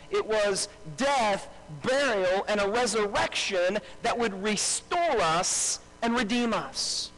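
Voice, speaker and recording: A man with a strikingly high voice preaches a live sermon in a church. He repeats his key phrases for emphasis and draws answers from the congregation. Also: animated, slow, hardly any pauses, fairly bright tone, a little hiss or hum, low-quality recording. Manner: calls out to the congregation and asks for responses. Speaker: pastor. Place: church service before a congregation.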